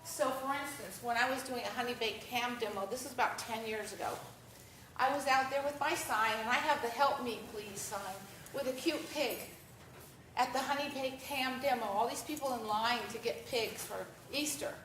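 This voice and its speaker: Animated American woman speaking in an echoey hall. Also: a little high, normal speed, a little hiss or hum. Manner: animated storytelling, acts out quotes. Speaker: vegan speaker giving a talk. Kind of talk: conference presentation with slides. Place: event hall at a festival. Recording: echoey hall, distant mic.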